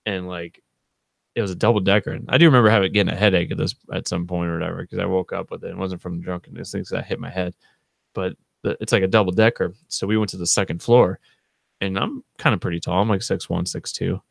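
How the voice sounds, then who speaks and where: A man with a very low, gravelly voice tells a long, rambling story, casual and laid-back. The sound is close and dry, with no room echo. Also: steady tone, quick pace. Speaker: channel co-host.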